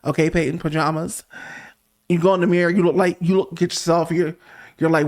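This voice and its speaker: A man's voice: a little high, flat delivery, fairly quick. A man hosting a pop music review show, talking straight to the viewer in a sassy, emphatic way. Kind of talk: casual opinionated monologue.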